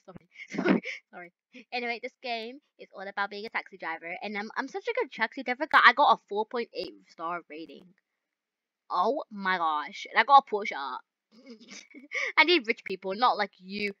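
A young woman playing a game and chatting to her viewers, bubbly and giggly, with excited outbursts. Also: medium pitch, normal speed, no echo, muffled recording. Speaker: gaming YouTuber. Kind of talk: excited gameplay commentary.

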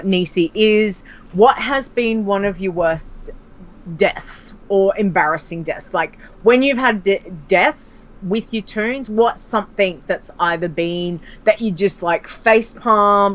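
A woman hosting a chat podcast, asking her guest drawn-out, unhurried questions. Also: medium pitch. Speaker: podcast host.

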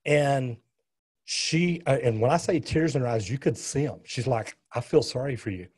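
Telling his story earnestly as a guest, this middle-aged West Coast plumber has a dark, husky, mid-range voice. He keeps a moderate pace but frequently trips into restarts.

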